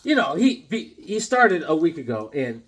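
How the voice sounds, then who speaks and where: Lively, husky-voiced man rambling excitedly. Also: a little high, normal speed. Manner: animated and excitable, self-deprecating, rambling asides. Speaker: comic collector showing his collection. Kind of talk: casual show-and-tell vlog.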